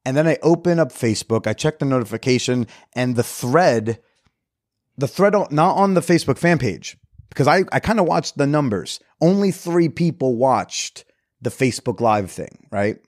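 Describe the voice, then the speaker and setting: A man in the middle of his pitch range talks candidly and casually as a podcast host, swearing freely while reflecting on himself. The recording is dry, with no room sound around his voice. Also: animated, normal speed, dry recording. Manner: candid, profane, self-reflective. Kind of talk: casual storytelling.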